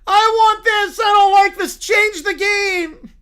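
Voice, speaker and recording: A man putting on a whiny high football fan. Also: slow. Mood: demanding.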